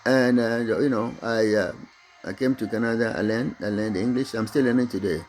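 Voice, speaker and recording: A middle-aged man from Togo whose first language is Mina, speaking English with an accent and giving a halting motivational talk about his own business, full of restarts and fillers. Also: mid-range voice, fairly even intonation, a little mellow. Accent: Togolese. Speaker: business owner.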